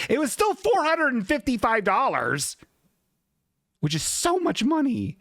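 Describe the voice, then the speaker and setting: A man's voice: very high-pitched, wildly swooping pitch, measured pace, fairly bright tone, no room sound, clean studio sound. A man hosting a comedy podcast, telling a rambling, profane, self-mocking story in a casual way. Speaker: podcast host.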